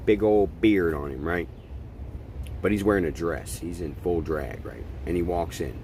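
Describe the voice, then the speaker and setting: A man's voice: low voice, normal speed, a little mellow, a little hiss or hum. A middle-aged man hosting a podcast, delivering a blunt, profane opinion monologue in a ranting manner. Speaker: podcast host.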